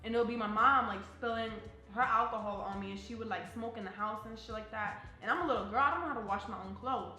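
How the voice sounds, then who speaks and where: A woman's voice: a little high, quick pace, hardly any pauses, bright, forceful tone. Blunt, profane young woman. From New Jersey. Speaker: interviewee, army soldier. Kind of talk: casual personal storytelling. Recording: roomy echo, faint music.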